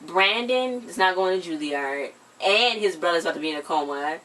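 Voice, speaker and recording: A young woman co-hosting a casual TV recap, retelling scenes in an animated way and acting out the characters' lines. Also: lowish voice, moderate pace, recorded from a distance. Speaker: co-host of a TV recap channel. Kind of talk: casual chat, TV episode recap.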